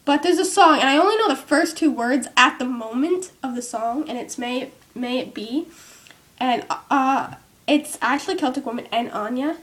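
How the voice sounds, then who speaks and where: A young woman talks to her viewers in a high, light voice. She rambles in easy casual chat, full of fillers and "like". It's recorded at home on a cheap microphone with its top broken off. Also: normal speed, a bit bright. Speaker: vlogger.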